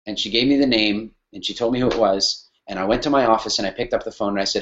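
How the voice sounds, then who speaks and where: A man's voice: lowish voice, fast talker, lo-fi sound. A man teaching a business lesson through a personal story, emphatic and repeating phrases for weight. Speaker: business speaker.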